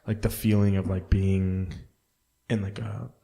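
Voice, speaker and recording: Laid-back man with a dark, low voice. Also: little pitch movement, a little slow, gravelly. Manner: loose, profane storytelling with acted-out quotes. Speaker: podcast co-host. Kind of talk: casual chat. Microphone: close podcast mic.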